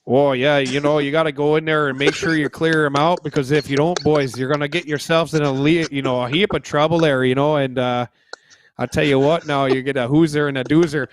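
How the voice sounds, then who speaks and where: A man's voice: on the high side, fairly even intonation, a little fast, a little hiss or hum, voice pushed down, natural voice. A man doing a mock impression of a male hockey coach with a put-on Canadian accent, rambling folksy answers to reporters. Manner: folksy, rambling, calls everyone boys.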